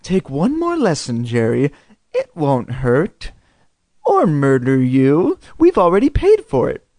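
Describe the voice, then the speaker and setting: A man reading a storybook aloud, voicing a gentle, anxious mother who speaks in a low, reassuring tone. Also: wildly swooping pitch, slow pace, dry recording, heavily acted. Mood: soothing. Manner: soft, pleading, reassuring.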